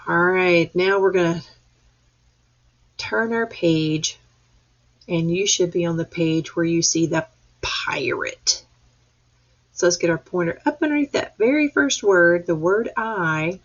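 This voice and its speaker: A woman teacher speaks to young children in a slow, low, patient voice, sounding out letters and praising each answer. Her tone is husky with a gravelly edge. The audio is dull and lo-fi, like a webcam mic. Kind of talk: reading lesson for young children. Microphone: webcam or computer mic.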